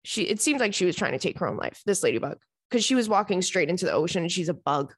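Chatty, animated woman podcast host. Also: lowish voice, fast talker, hardly any pauses, breathy edge, no echo, studio quality. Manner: animated, chatty, self-mocking. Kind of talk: casual comedic storytelling.

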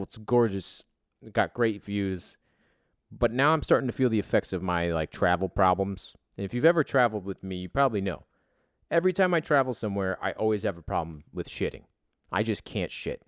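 Profane rambling man, low voice. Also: animated, a little fast, no room sound, clean studio sound. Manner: profane, rambling, self-deprecating. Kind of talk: casual storytelling.

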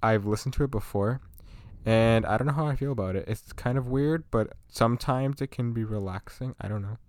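A man's voice: mid-range voice, fairly quick, a little mellow, dry recording. A young man co-hosting a student podcast in casual chat, easygoing and trailing off into hesitant fillers, speaking into a handheld mic held close in a student residence room. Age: young adult.

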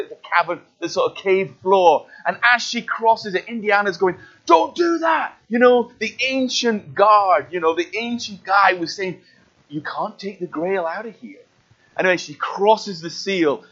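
A man preaching a sermon, telling a story in an animated way and acting out its scenes. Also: on the high side, highs cut off. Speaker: pastor.

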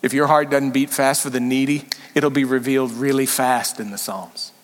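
A man preaching a sermon as senior pastor, animated and emphatic, sometimes rising suddenly loud. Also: medium pitch, moderate pace, in a large hall.

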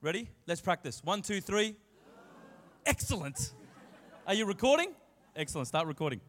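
A man's voice: sits high, sing-song, moderate pace, a bit bright. A man preaching a sermon to a church with playful jokes and exuberant asides. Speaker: guest preacher. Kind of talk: sermon with banter. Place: church hall. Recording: long church-hall reverb.

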